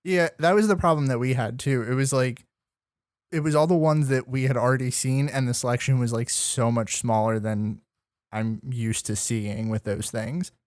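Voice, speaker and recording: A man's voice: medium pitch, steady tone, moderate pace, no echo, studio quality. A man co-hosting a podcast, running through the news in an easygoing, casual way with plenty of ums and likes. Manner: easygoing, filler-heavy news rundown. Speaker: podcast co-host. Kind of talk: casual chat.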